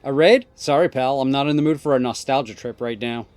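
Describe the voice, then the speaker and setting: A man's voice: mid-range voice, a little fast, darkish tone, no room sound, natural voice. A man voicing a sarcastic, bored teenage girl gang boss with an offhand way of talking. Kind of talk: reading game dialogue aloud.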